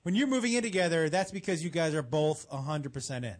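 A man's voice: a little high, quick pace. A man co-hosting a podcast, blunt and joking in casual chat. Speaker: podcast co-host.

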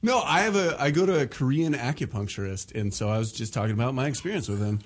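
A man's voice: mid-range voice, expressive, quick pace, husky. A man, a comedian, chatting casually on a show and laughing at his own failures. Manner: self-mocking, laughing. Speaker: comedian co-host. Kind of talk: casual chat.

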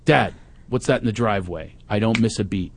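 A middle-aged man telling a family story in casual chat, acting out his teenage son with high shouted lines. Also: a little fast, gravelly, slight background noise.

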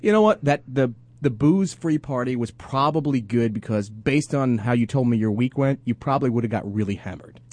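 A man's voice: mid-range voice, lively intonation, brisk, few pauses, darkish tone, dry recording. A man co-hosting a radio show, teasing his partner with playful banter.

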